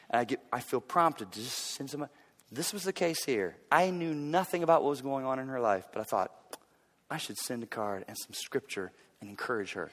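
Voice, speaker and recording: A man in his forties preaching a sermon in a church, telling stories in an animated way with loud bursts of effort. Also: medium pitch, in a large hall. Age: 40s. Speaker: pastor. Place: church sanctuary.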